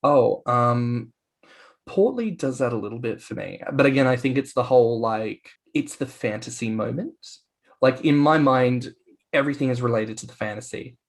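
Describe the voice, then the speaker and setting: A man co-hosting a podcast, telling stories in a playful, animated way with quick mock voices. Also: medium pitch. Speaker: podcast co-host. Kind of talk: casual chat.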